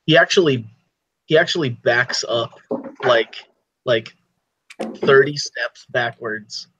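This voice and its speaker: During tabletop role-play chat, a man speaks slowly in a mid-range, somewhat bright voice, narrating what his character does in a rambling style laced with "like" and "you know." The player's mic sounds dry and slightly dull, with slight background noise.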